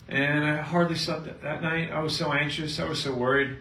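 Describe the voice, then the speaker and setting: A middle-aged man, a chiropractor, speaking to a live seminar audience and telling a patient story with lively storytelling. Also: fairly high pitch, fairly quick, hardly any pauses. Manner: storytelling, acting out both sides of a patient story, animated. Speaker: chiropractor giving a health seminar. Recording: echoey room, mic at a distance, faint noise.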